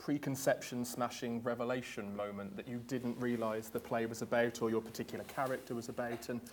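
A man chairing a theatre panel before an audience, speaking politely with many pauses and fillers. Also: medium pitch, flat delivery, a little hiss or hum. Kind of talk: hosting a stage talk.

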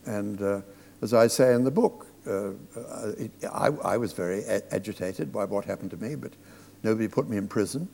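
A man, a theatre director, telling anecdotes to an audience, halting and restarting as he goes. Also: fairly low pitch, vocal fry, a little mellow. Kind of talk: storytelling on stage. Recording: long reverb of a hall.

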